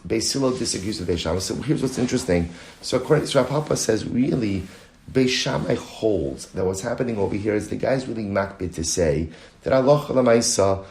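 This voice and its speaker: Rabbi giving a Talmud lesson, low-pitched male voice, echoey room, animated delivery. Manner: animated, explains aloud, reads Aramaic quotes quickly. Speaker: rabbi teaching daily Talmud class. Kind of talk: Talmud lecture.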